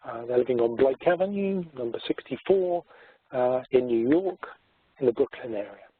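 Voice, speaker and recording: A man's voice: mid-range voice, animated, moderate pace, slightly rough. Hesitant man on a tinny line. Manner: hesitant, many fillers. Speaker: genealogy society chairman giving a talk. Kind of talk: presentation talk. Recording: tinny phone-like sound.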